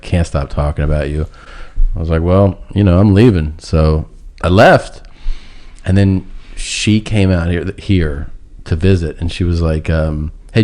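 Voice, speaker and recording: A man's voice: deep voice, a little mellow. A man telling a long, rambling personal story in casual podcast chat, laughing now and then. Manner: rambling, laughs through his own story.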